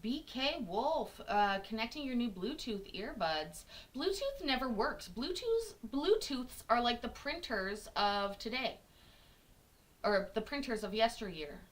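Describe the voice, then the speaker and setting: A young Scottish-born woman chats casually as a host reacting to court videos, poking fun at herself with a giggle. Her voice is on the high side, very animated, and unhurried.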